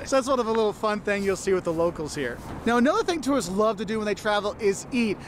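Man, travel video presenter, high voice, chatty, explanatory, faint background noise. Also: animated, fast talker. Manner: chatty, explains with "okay?" and "look". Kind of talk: scripted travel guide talk.

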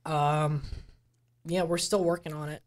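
A woman's voice: low-pitched, flat delivery, a little slow. A woman appearing as a guest musician in a casual live-stream chat, wry and joking, with many fillers.

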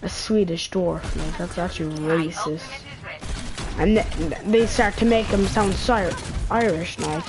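Slow-talking, profane female game streamer. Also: on the low side. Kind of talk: live gameplay commentary.

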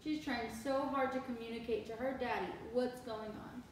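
A woman teacher reading a picture book aloud to children, animated and expressive with asides, heard from far off in an echoey room. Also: on the high side, normal speed, a little hiss or hum.

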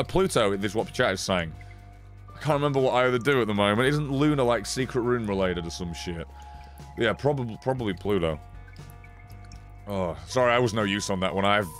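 Male streamer, lower voice, excitable and foul-mouthed, live play-by-play over faint game music. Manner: excitable, swears often, reacts loudly and reads chat. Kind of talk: casual live-stream commentary.

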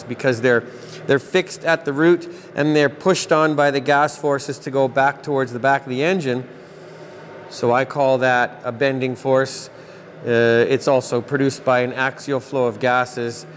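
A man's voice: on the high side, slight background noise. A middle-aged Canadian man with a Canadian accent gives a rambling, self-correcting, folksy hands-on technical explanation as a channel host.

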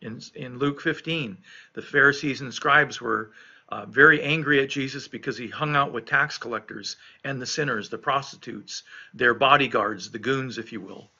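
A man gives an informal devotional talk, reading scripture and thinking aloud about it. His voice is very bright with a gravelly edge. The recording sounds dull and lo-fi. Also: medium pitch, moderate pace. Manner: reflective, plain-spoken, with frequent fillers and restarts. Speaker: pastor leading noontime prayer.

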